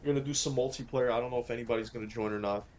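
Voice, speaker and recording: A man's voice: medium pitch, steady tone, rapid-fire, darkish tone. Profane ranting male game streamer. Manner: profane, ranting, talks to chat. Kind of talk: live-stream gaming chat. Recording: game music behind.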